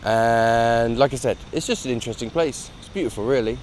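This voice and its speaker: A man's voice: mid-range voice, a little fast, slight background noise. A man vlogging off the cuff, rambling and emphatic, filmed outdoors on a phone held by a companion. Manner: rambling, emphatic free-styling. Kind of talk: off-the-cuff vlog monologue. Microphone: phone camera held by a companion.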